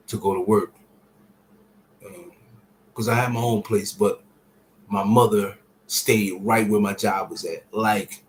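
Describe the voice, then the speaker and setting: Guy with a lowish voice telling a heavy personal story to camera, swears a lot, goes quiet then loud, faint hiss behind. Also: rough recording. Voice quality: casual, profane street-style speech. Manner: drops to near-whispers and rises to shouts while retelling. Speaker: vlogger sharing a personal story.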